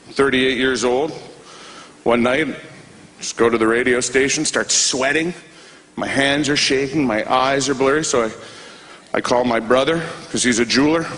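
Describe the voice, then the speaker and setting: Deadpan man doing stand-up. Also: medium pitch, slight background noise. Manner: deadpan storytelling with quick asides. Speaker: stand-up comedian. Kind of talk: stand-up comedy set.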